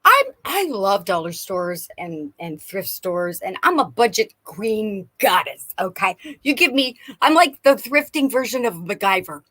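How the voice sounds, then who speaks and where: A woman giving an effusive, excitable psychic reading on a live stream, often breaking into laughter. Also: medium pitch, measured pace, few pauses. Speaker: psychic reader.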